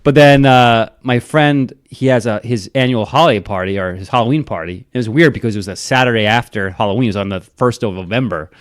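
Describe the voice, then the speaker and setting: A man's voice: mid-range voice, brisk, hardly any pauses. A young man chatting casually on a podcast, telling rambling stories full of fillers. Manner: rambling storyteller, fillers and laughs. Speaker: podcast host. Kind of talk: casual chat.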